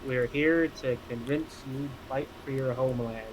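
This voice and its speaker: A man's voice: mid-range voice, steady tone, moderate pace, poor audio. A man playing a tabletop role-playing game, speaking in a dry, matter-of-fact way. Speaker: player. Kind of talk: casual chat.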